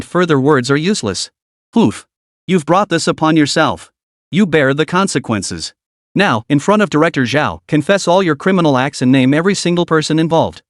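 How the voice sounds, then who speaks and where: A man's voice: a little high, no room sound, studio quality, natural voice. A man voicing a stern old male official who scolds and lectures his disgraced aide. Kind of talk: audiobook character voice.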